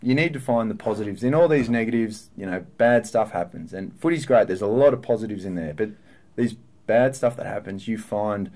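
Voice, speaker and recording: Man, 30s, pro footballer guest: lowish voice, candid, thoughtful, halting. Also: darkish tone. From Australia. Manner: earnest, reflective, with frequent fillers and restarts. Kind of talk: candid podcast interview.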